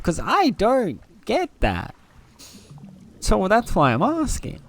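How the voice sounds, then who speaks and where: A man's voice: sits high, huge pitch swings, slow pace, long pauses, fairly bright tone, faint music behind. A man streaming a game and chatting casually with his audience, playful and teasing, laughing often. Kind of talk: casual live-stream chat.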